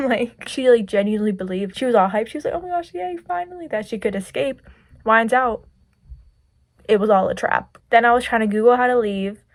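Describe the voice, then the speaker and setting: A woman's voice: medium pitch, dry recording, studio quality. A young woman vlogger telling stories in a chatty, giggly way, with lots of "like", while doing her makeup at home. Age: young adult. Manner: chatty, giggly, filler-heavy "like". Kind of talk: casual storytelling chat.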